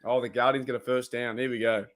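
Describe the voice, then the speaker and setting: An Australian man chatting away on a live stream while he watches football. His voice sits at an everyday middle pitch, and he rambles, reacts to plays out loud and laughs often. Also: flat delivery, quick pace. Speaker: livestream host of a football watch party. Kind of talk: casual live-stream chat.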